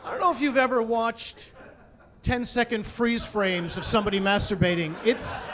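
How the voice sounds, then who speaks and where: A man in his forties performing a stand-up comedy routine on stage, telling stories with animated delivery that climbs into mock-indignant rants. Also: very high voice, moderate pace, noisy background. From Canada. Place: comedy stage before a live audience.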